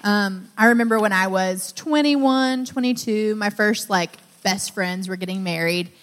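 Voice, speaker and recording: A woman's voice: medium pitch, a little slow. A young woman co-hosting a casual advice talk, speaking conversationally with frequent ums. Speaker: co-host giving relationship advice. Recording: long hall reverb.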